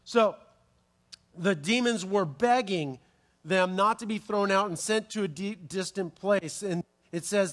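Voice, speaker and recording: A man preaching a sermon, telling a Bible story with playful asides and quick restarts. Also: high-pitched, a bit bright. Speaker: pastor.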